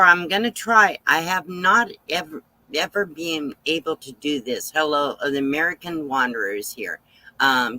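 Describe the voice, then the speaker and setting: Slow, halting man greeting live-stream viewers. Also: on the high side, bright, forceful tone, no echo, poor audio. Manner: unhurried, halting, with many fillers. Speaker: channel host on a live stream.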